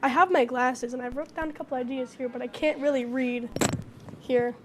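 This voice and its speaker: A woman's voice: high-pitched, fairly even intonation, normal speed, background noise. A young woman co-hosting a student campus TV show, bubbly and giggly in casual chat. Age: young adult. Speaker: co-host. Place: campus TV studio.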